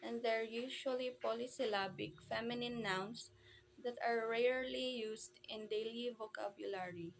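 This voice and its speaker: A woman's voice: on the high side, slight background noise, rough recording. A woman presenting a language lesson, reading out terms carefully and sounding out each example. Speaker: presenter explaining Romanian phonetics. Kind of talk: slow read-aloud lesson.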